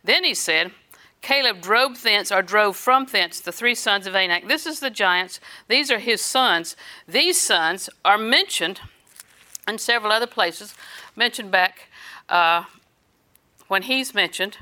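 A woman's voice: medium pitch, animated, measured pace, sharp tone. An older woman preaching a sermon, telling homespun personal stories and chuckling between them.

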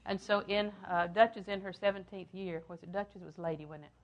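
An older woman preaching a sermon, repeating phrases for emphasis and swinging from loud, emphatic lines down to hushed ones. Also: mid-range voice, steady tone, fairly quick, highs cut off.

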